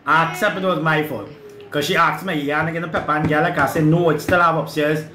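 A man's voice: a little high, steady tone, fast, bright, forceful tone. A man with a Trinidadian accent hosting a home cooking show, teasing and laughing through casual kitchen banter. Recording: echoey room with background noise.

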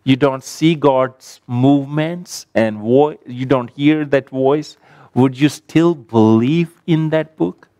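Slow, clear-voiced male preacher. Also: mid-range voice, warm tone, no echo, clean studio sound. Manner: measured, emphatic cadence in repeated phrases. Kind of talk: sermon with closing prayer.

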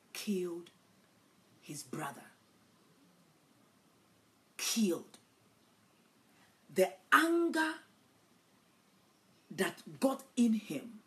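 Woman preacher, lively slow sermon delivery, dramatic swings between hush and shouting. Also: a little high.

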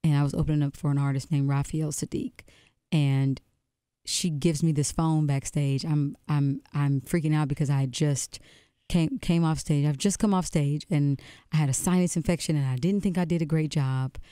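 A woman speaks in a low, smooth and mellow voice, earnest and a little halting as she tells her story. She sits at a dry, close studio microphone. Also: fairly even intonation, no echo. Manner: earnest, halting, with many restarts. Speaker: musician guest on radio show. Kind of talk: casual interview storytelling.

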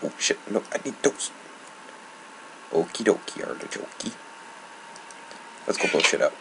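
A man's voice: lowish voice, animated, measured pace. A young man giving casual, annoyed gameplay commentary, rambling and swearing. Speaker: gamer. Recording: noisy home recording.

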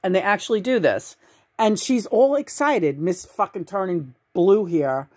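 A woman hosting a casual review show, telling the story in an excitable, profane way and laughing often. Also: mid-range voice, measured pace. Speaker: host reviewing a documentary. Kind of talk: casual chat.

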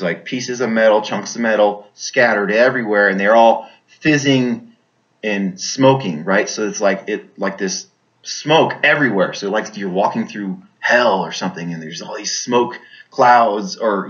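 A man's voice: fairly low pitch, moderate pace, a bit bright. Guy rambling thru his war memories, lots of "you know", dull lo-fi sound. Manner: rambling, repeats words, many fillers. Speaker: veteran telling a war story. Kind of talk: personal storytelling. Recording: dull lo-fi recording.

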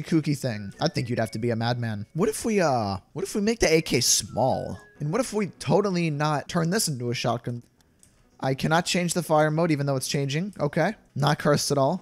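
A man's voice: mid-range voice, animated, normal speed. A young man giving playful gameplay commentary, laughing often as he reacts. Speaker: gaming YouTuber. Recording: game music playing faintly behind.

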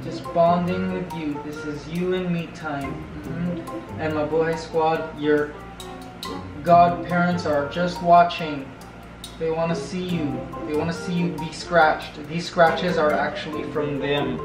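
A fairly high-voiced man chats slowly and playfully in an echoey room, laughing often and cooing to his pet. Music plays clearly behind him. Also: steady tone. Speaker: vlogger. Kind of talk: casual vlog chat. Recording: roomy echo with music behind.

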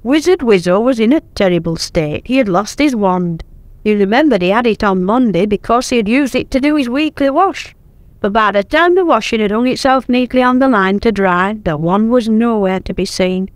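An older woman reading a children's story aloud in a gentle, expressive way, recorded at home on tape. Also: on the high side, moderate pace, dry recording.

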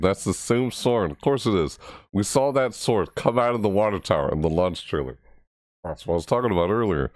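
A man hosting a casual reaction video, rambling excitedly about a game trailer. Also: dry recording. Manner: excitable, rambling, mimics game voices in high yelps.

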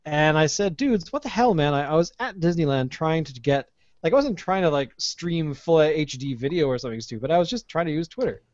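A podcast host tells a story in an animated, ranting way, swearing freely as he goes. His voice sits a little high for a man. The recording is dry and dull, with a lo-fi sound. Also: brisk, no echo. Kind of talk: casual podcast chat.

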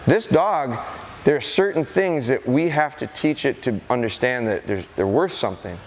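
A man's voice: medium pitch, moderate pace. A middle-aged man from Wisconsin speaks to a seminar crowd about training dogs. His voice rises and falls a lot as he tells stories and acts them out. The room behind him carries a faint hum of ambience. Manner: animated storytelling, acts out excited calls to dogs. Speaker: dog trainer giving a seminar. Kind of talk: live seminar talk to an audience. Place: large indoor hall with a corridor.

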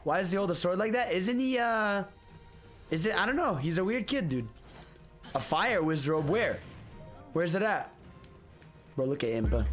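A high-voiced man commentating his own gameplay in an excitable rush, swearing and tossing "bro" into nearly every line. His pitch leaps around constantly. Faint music plays underneath. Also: normal speed, pauses often. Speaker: gaming streamer. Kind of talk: excited let's-play commentary.

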